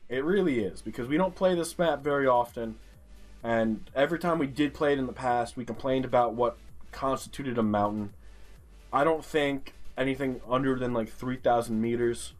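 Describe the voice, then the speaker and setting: A man's voice: medium pitch, moderate pace, soft background music. A man with a New York accent commentating a geography guessing game, exasperated and swearing constantly as he rants at what he sees. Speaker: streamer playing a geography game. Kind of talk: profane gaming commentary.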